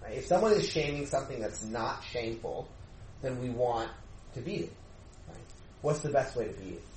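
A man leading a youth group discussion in an animated way, often asking rhetorical questions and acting out exchanges. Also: mid-range voice, normal speed. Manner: animated, asks rhetorical questions, acts out dialogue. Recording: echoey room, faint background noise.

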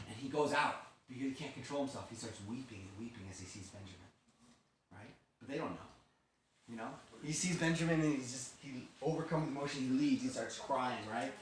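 A man retelling a Bible story in a casual, animated way, acting out the quotes. It is recorded in a very echoey room from far off. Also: mid-range voice, brisk, slight background noise. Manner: animated, chatty, acts out quotes.

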